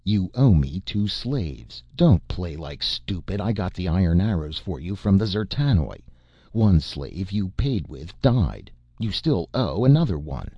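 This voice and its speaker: A man's voice: low-pitched, big pitch swings, measured pace, mellow, husky, no echo, muffled recording, full character voice. A man reading the lines of a brutal barbarian slave master, who speaks in clipped, broken phrases. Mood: gruff. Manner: clipped broken speech, threatening.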